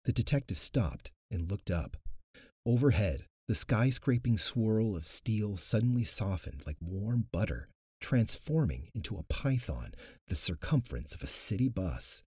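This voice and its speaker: Husky, animated male audiobook narrator. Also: fairly low pitch, a little slow, no echo, studio quality. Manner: expressive, animated.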